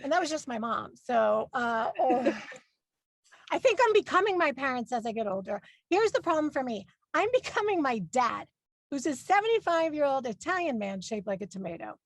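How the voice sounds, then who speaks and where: Animated high-voiced woman comic. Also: moderate pace, no echo, studio quality. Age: 40s. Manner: brash, punchy delivery with exaggerated voices for parents. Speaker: stand-up comedian. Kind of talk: stand-up comedy set.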